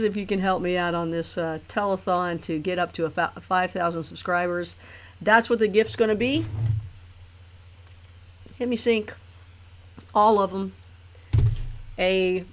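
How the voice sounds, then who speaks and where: A woman hosting a live stream, talking casually and rambling chattily with her viewers. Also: lowish voice. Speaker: host of a live talk stream.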